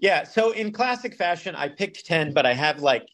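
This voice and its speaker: A man co-hosting a podcast, his slightly high voice bouncing up and down as he talks. He rambles, circles back on his own phrases and laughs easily through casual chat. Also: lively intonation, normal speed, fairly bright tone. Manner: rambling, laughs often, repeats himself. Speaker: podcast co-host.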